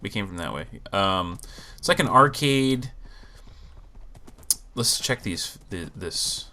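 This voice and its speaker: A man hosting a gaming channel, talking through gameplay in a relaxed, rambling way, with a low morning voice. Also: slow. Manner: relaxed, rambling, thinks aloud. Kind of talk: casual gameplay commentary.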